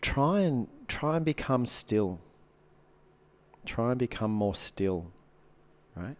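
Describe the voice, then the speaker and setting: A man's voice: medium pitch, lively intonation, takes it slowly. A man, a coach and speaker, talking casually on a podcast. He swears freely and acts out the reactions he describes.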